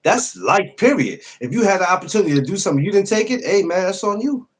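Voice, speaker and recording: This podcast host speaks in a high-pitched, sing-song, slightly rough voice at a quick pace. Running a laid-back livestream, he welcomes chat viewers by name, chats loosely, curses, and laughs a lot.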